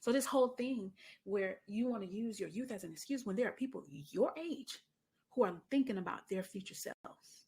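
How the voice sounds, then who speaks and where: Middle-aged woman podcast host, mid pitch with some fry, casual chatty delivery, says honey. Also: moderate pace, dark tone. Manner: chatty storytelling, calls listener honey.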